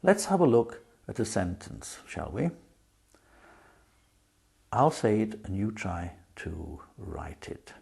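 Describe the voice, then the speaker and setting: A man's voice: lowish voice, sing-song, gravelly, mellow, slightly rough. A man teaching a spelling lesson, patiently sounding out syllables and words. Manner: patient, drawn-out sound demonstrations.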